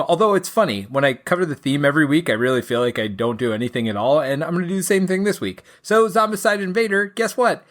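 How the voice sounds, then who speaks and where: Man, podcast co-host, a bit high pitched, dry joking, relaxed chat. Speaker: podcast co-host, game designer. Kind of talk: casual chat.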